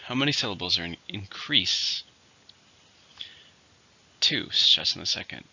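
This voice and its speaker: A man teaching English vocabulary in a scripted lesson, saying each word slowly and clearly and then repeating it. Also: low voice, expressive, sharp tone. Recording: dull lo-fi recording.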